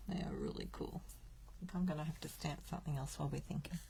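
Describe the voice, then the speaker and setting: A woman with a low, gravelly voice talks quickly with huge pitch swings, against background noise. She's an Australian hosting a live card-making stream, chatting and thinking aloud as she crafts.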